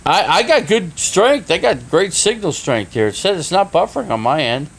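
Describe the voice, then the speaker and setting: Flustered gravelly man on a phone stream. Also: high voice, sing-song, normal speed. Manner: flustered, swearing, restarting sentences. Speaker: live streamer. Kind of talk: casual live stream talk.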